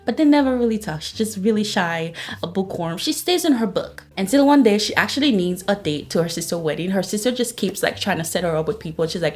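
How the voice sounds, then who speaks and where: A young woman chatting about books she read this month, gushing and retelling plots with quick quoted asides. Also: mid-range voice, animated. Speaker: book reviewer. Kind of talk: casual monthly reading wrap-up.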